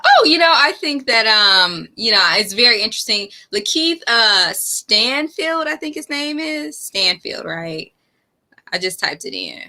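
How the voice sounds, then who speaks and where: A woman's voice: a little high, very animated, unhurried, bright, forceful tone. A woman hosting a trailer reaction video, chatting casually, enthusiastic and rambling, often correcting herself.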